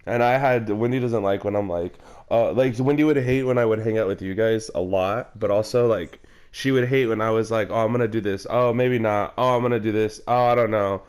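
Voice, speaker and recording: A man's voice: on the low side, fairly quick, few pauses, a little mellow, clear, resonant tone. A young man rambling through a personal story in casual chat with a friend while gaming, swearing and calling him bro. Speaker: player chatting with a friend. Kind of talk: casual chat during a game.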